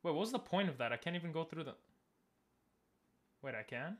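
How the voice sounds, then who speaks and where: A man's voice: fairly high pitch, big pitch swings, brisk. A young man giving casual, joking commentary while streaming a game and talking with chat. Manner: chatty, joking, talks to chat.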